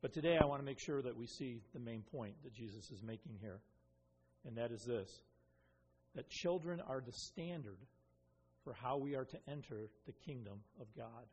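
A pastor giving an earnest expository sermon, with frequent ums and restarts. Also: male voice, mid-range voice, normal speed, darkish tone, a little hiss or hum. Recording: long reverb of a hall.

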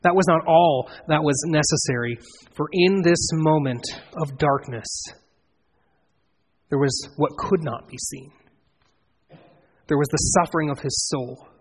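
A man preaching an expository sermon in an earnest way, building to emphatic swells and then dropping low. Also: unhurried, pauses often, breathy edge. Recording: long reverb of a large hall.

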